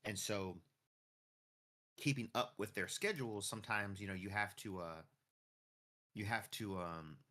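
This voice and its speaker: A man's voice: on the low side, unhurried, pauses often, pushed and bright. A man chatting casually and rambling off the cuff while streaming a farming game. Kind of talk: casual chat while gaming.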